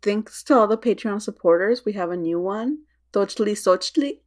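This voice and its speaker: A woman co-hosting a podcast in casual chat. She sounds relaxed and chatty and laughs easily. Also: mid-range voice, normal speed. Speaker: podcast co-host.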